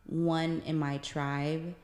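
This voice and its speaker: A woman guest on a podcast, answering questions in a relaxed way and thinking aloud as she goes. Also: low-pitched, drawn-out words, echoey room. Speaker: guest actress. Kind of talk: casual chat.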